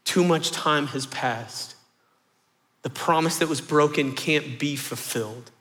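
A man in his thirties preaching a sermon, telling a story in lively fashion and repeating phrases for rhythm. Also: on the high side, slow. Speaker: pastor.

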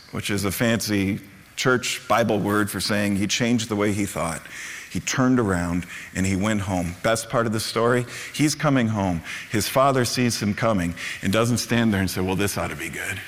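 A man's voice: fairly low pitch, long reverb tail. A middle-aged man, a Lutheran pastor, preaching a storytelling sermon that builds to fervent emphasis. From United States.

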